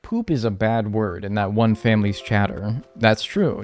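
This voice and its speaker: Talking to chat while he plays, this man mixes easygoing conversation with rants delivered in mock seriousness. His voice sits on the low side and sounds a little mellow and expressive, at a normal pace.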